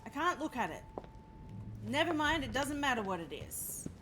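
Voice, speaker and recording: A woman with a high, sing-song voice talks at a normal speed over a noisy background, streaming a video game live. Chatty and profane, she jokes with her viewers and swears freely while she plays, giving live gameplay commentary through a webcam setup with game music behind her.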